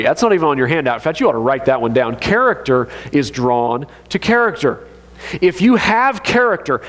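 Pastor, male, higher-pitched voice, lively joking sermon delivery, long hall reverb. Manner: animated, joking, conversational.

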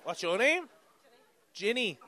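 A man's voice: high voice, sing-song, slow, sharp tone. A man doing crowd work at a comedy club, bantering with the audience in brash, sweary, teasing talk. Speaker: stand-up comedian.

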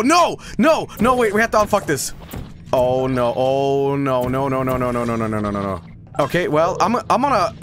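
An excitable man streams a game with casual commentary, swearing and laughing as he goes. His voice sits high and swings wildly up and down. Faint music plays beneath him. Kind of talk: casual let's-play commentary.

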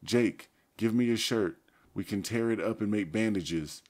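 A man's voice: deep voice, normal speed, warm tone, pitched above the performer's own voice. A man doing an urgent, caring teen girl. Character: kind teenage girl who loves animals.

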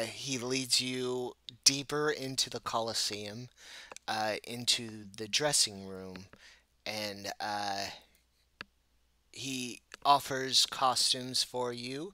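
Halting, bright-voiced game master man. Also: medium pitch, no echo. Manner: halting, many fillers and restarts, laughs often. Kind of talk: narrating a tabletop game and voicing characters.

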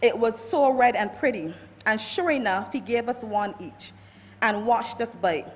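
Eulogy reader: Barbadian woman, fairly high voice, long church reverb. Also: measured pace. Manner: reads from notes, warm storytelling with quoted anecdotes. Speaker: family member giving a eulogy. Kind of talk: reading a eulogy at a funeral service.

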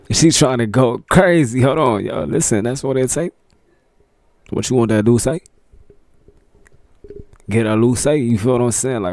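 A man's voice: mid-range voice, darkish tone, no room sound. A man hosting a casual reaction video, talking in a laid-back, slangy way and laughing often.

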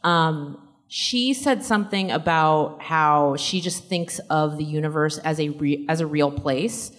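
A woman's voice: deep voice, measured pace. A woman answering fan questions at a convention panel in a casual, rambling way, laughing often. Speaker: panel guest actor.

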